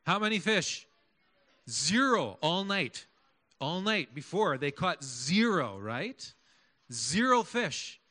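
High-voiced, bright-toned male preacher. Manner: animated, asks the congregation questions. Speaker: pastor. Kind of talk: sermon.

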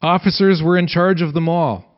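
A Bible teacher with a fairly high, fairly even voice reads scripture aloud at a moderate pace and explains it, having listeners repeat lines after him. The recording is dull and lo-fi.

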